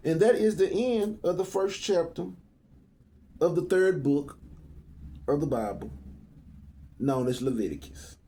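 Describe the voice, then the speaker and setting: A man reads Bible verses and then drifts into joking, conversational asides. His pitch sits a little high and swings widely, and his tone stays mellow throughout. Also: expressive, measured pace, long pauses. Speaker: Bible reading host. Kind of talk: scripture reading with humorous commentary.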